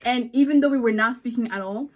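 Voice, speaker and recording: A young woman in her twenties chatting casually on her vlog, animated and acting out what people said, with lots of "like". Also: a little high, fast talker. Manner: animated, acts out quoted voices, many likes. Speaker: vlog host. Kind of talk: casual storytelling chat.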